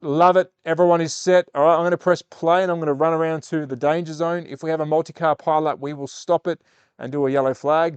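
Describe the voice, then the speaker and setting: Here a slot car livestream host with an Australian accent talks fast in a slightly high, clear, resonant voice with no echo. He's relaxed chatting to viewers but turns excited when calling the race.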